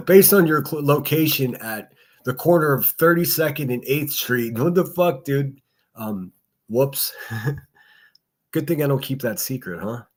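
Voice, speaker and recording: A man's voice: mid-range voice, lively intonation, unhurried. A man from Pittsburgh with a faint Pittsburgh accent, hosting a casual solo livestream and chatting with chat in a rambling, profane way. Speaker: livestream host.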